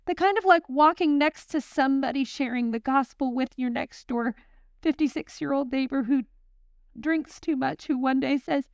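A woman's voice: sits high, moderate pace, creaky, dry recording, highs cut off. A young woman teaching a Bible study, talking in a chatty, intense, self-deprecating way, then praying over the group. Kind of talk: sermon with closing prayer.

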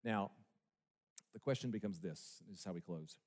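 This male pastor has a low, darkish voice and keeps a moderate pace as he preaches with emphasis from a church sanctuary. He asks the congregation rhetorical questions, and the sound echoes with the long reverb of a large hall.

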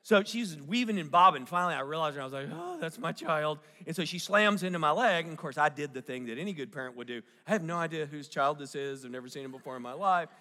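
In a church sanctuary with long hall reverb, a middle-aged pastor preaches a sermon built around a family story, often asking the congregation questions and joking. His voice sits on the high side, pushed and bright, moving quickly with few pauses.

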